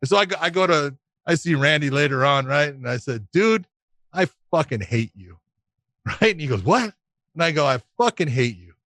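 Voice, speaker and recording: A middle-aged man co-hosting a podcast, telling a long, animated anecdote with frequent laughter and swearing. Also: on the high side, normal speed, no echo. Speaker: podcast co-host.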